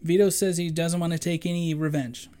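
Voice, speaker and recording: A woman's voice: fairly low pitch, steady tone, fairly quick, dark tone. A woman in a casual chat, plainly recapping a film's plot scene by scene. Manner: plain, matter-of-fact recapping.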